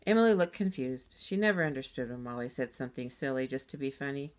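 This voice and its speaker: A woman reading a children's chapter book aloud in a steady, gentle storytelling manner. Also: extremely low pitch, fast talker, few pauses. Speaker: storybook reader.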